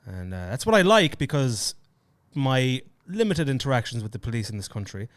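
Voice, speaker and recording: A man's voice: medium pitch, big pitch swings, normal speed. Irish man, casual and swearing. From Ireland. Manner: loose, profane storytelling. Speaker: podcast co-host. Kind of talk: casual chat.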